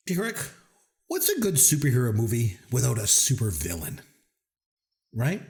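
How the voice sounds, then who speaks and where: A man's voice: mid-range voice, wildly swooping pitch, moderate pace, creaky, darkish tone. A man co-hosting a casual podcast and running a quiz, talking in a joking, self-deprecating way. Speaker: podcast co-host and trivia quizmaster.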